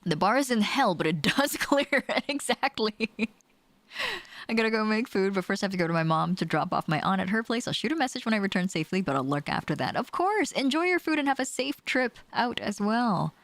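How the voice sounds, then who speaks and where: A woman's voice: mid-range voice, fairly quick, no room sound. A young woman streaming from a small home room, chatting casually with her viewers, laughing often and swearing freely. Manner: animated, swears casually, laughs often, reads chat aloud. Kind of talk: casual chat with live chat while gaming.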